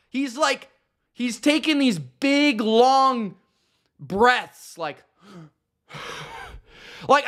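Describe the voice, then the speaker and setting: A man hosting his own podcast, ranting about the week's games with sarcasm and slang. He talks slowly and drags his words out, but his voice has a bright, forceful edge. He sounds fed up and mocking throughout. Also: extremely high pitch. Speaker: podcast host. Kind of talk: ranting sports commentary.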